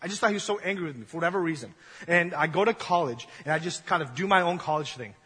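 A young man preaches in a church hall, keeping it casual and acting out little scenes as he goes. His voice sits high and sounds bright and a little husky. Long reverb rings off the walls of the hall. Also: expressive, fast. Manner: casual, joking storytelling, acts out voices. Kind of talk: sermon.

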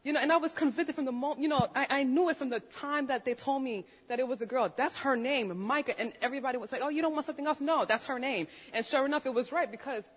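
A woman, a nurse, telling her story as a testimony to a church congregation, animated, acting out the voices of the people in it. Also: high-pitched, fast, hardly any pauses, husky. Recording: long hall reverb.

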